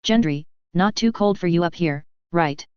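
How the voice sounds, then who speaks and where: A woman's voice: on the low side, moderate pace, a little mellow, clean tone, dry recording, lightly acted. A woman reading the lines of a weary, dryly wry male warrior in a fan fiction story. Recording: slightly dull, dry lo-fi recording.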